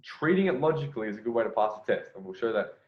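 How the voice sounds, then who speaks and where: A man's voice: mid-range voice, lively intonation, very fast, dull audio, slight background noise. Blunt man coaching in an echoey room. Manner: blunt, profane, restarts phrases often. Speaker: dating coach commentating on a video. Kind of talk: casual video commentary.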